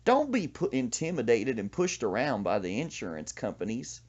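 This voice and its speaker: A man voicing a folksy small-town lawyer pitching in a TV commercial. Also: huge pitch swings, moderate pace, a little mellow, highs cut off. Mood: salesy.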